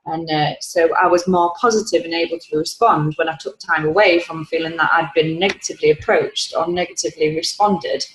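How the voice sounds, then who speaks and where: A woman's voice: low-pitched, fairly even intonation, a little fast, few pauses. A woman on a coaching call, rambling as she retells conversations in quotes. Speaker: coaching client. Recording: echoey room.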